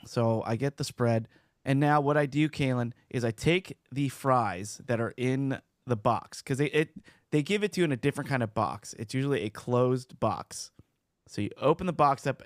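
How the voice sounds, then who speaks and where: An animated man co-hosting a casual podcast chat and telling playful stories. He speaks in a middle register, and the recording is close and dry. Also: medium pitch, no room sound. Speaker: podcast co-host.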